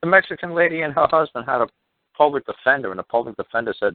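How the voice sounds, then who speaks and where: A man on a talk show call, explaining court procedure in an emphatic, repetitive way and mocking officials with quick impressions. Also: mid-range voice, animated, no echo. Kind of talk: animated phone-in talk. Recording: tinny phone line, dry.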